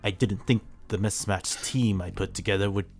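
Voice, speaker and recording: A man voicing a composed, formal male school official in a measured tone. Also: lowish voice, fairly even intonation, faint music behind, lightly acted.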